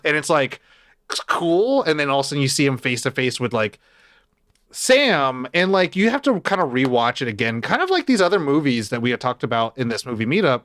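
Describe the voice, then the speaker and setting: Animated man in casual movie chat. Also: medium pitch, fairly quick, no room sound, clean studio sound. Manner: animated, acts out lines in quoted voices. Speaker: podcast co-host.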